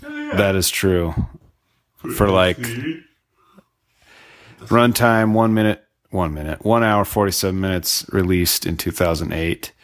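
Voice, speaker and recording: A man hosting a casual movie-review podcast, chatty and jokey, with quick asides. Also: deep voice. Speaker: podcast host.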